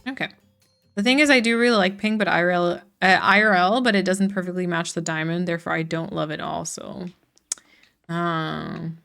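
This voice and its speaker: With faint music behind her, a woman speaks at a normal speed in a lowish, gravelly voice that's a bit bright and fairly even in intonation. She's streaming a farming game and casually chatting with viewers, reading and answering their messages as she plays.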